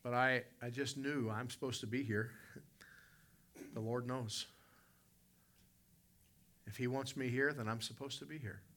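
A man preaching a sermon as pastor, emphatic, surging to loud peaks and then dropping low. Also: fairly even intonation, a little slow, pauses often, slight background noise. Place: church service with congregation responding.

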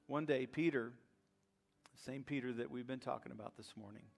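A man preaching a sermon as pastor, rising to loud emphatic passages with dramatic pauses. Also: medium pitch, vocal fry, faint music behind.

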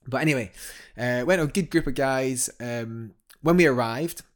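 A man's voice: mid-range voice, normal speed. A man, a guest telling a climbing story in a casual podcast chat, enthusiastic and rambling with many restarts.

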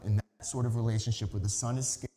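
Dark-voiced male pastor in an echoing hall. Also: mid-range voice, steady tone, fast, a little hiss or hum. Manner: conversational storytelling, earnest emphasis. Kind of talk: sermon. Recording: echoey hall reverb.

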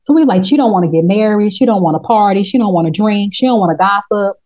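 A woman hosting a casual TV recap chat, telling the story in a slangy, profane, animated way and slipping into quick voices for the characters. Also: mid-range voice, rough recording. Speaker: podcast host.

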